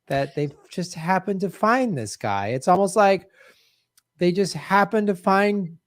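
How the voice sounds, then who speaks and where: A man's voice: high voice, animated, unhurried. A man co-hosting a podcast, joining in casual chat with ironic, mock-agreeing banter. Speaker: podcast co-host.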